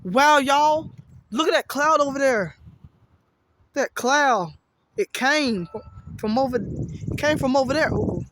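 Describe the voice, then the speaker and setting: A man filming himself outdoors in strong wind, rambling excitedly and repeating himself. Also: very high voice, takes it slowly, long pauses. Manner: excitable, rambling, repeats phrases, says y'all often. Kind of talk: casual outdoor weather vlog.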